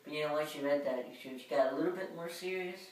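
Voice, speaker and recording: A woman's voice: low voice, fast talker, a little mellow, far from the mic. Rambling woman in a very echoey room. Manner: rambling, full of "you know" fillers. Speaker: vlogger. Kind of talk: casual storytelling vlog. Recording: very echoey room, voice away from mic, faint hum.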